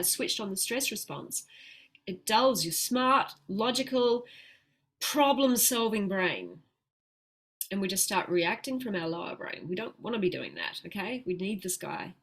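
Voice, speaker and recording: A woman giving chatty, upbeat health coaching on a live stream, laughing often and slowing down when she explains calm breathing. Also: medium pitch, husky. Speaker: plant-based health coach.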